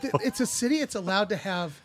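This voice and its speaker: High-voiced man, blunt and profane. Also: lively intonation, brisk, dry recording. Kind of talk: casual chat.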